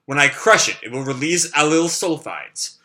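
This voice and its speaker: A man voicing a calm male swordsman who makes his foes cry, speaking slowly and evenly. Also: a little high. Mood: measured.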